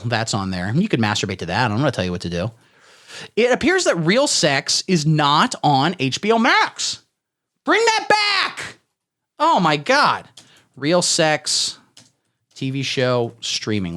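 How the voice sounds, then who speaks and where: Sarcastic man with a lively pitch. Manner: sarcastic, deadpan, crude. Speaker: podcast host. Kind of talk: satirical solo commentary.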